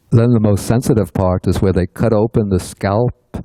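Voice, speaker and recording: An older man teaching a Buddhist text in a relaxed, storytelling way, often laughing as he talks. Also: lowish voice, slow pace, long pauses, no echo, poor audio. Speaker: teacher leading a sutta study class. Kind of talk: casual teaching talk.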